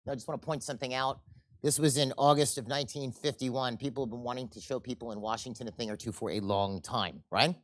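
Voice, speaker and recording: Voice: medium pitch, steady tone, fast talker, no room sound, clean studio sound. A seminar presenter giving a casual, conversational lecture, putting questions to the audience and telling anecdotes.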